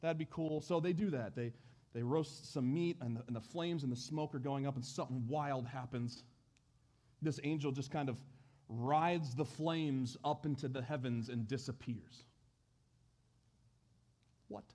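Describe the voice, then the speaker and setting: A man preaching a sermon in a church, telling a story with animated delivery. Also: mid-range voice, unhurried, long pauses. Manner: animated storytelling, acting out voices. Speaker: pastor.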